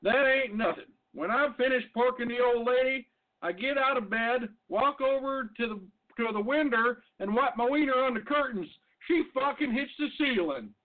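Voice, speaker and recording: A man voicing a crude, boastful hillbilly husband in a hammy drawl, loud and high. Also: normal speed, phone-quality sound. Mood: crude bragging.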